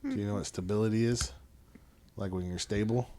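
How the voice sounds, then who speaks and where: A man's voice: fairly low pitch, fairly even intonation, brisk, warm tone, slight background noise. A man in his thirties, a father hosting a podcast, chatting casually with his son, swearing freely and calling him "bro". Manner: laid-back, swears freely, says "bro".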